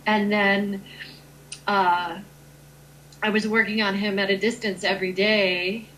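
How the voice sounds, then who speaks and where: Slow-talking woman, unhurried and thoughtful. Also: mid-range voice, a bit bright, slight background noise, low-quality recording. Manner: slow, unhurried, many ums. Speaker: guest, Reiki teacher. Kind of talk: casual interview chat.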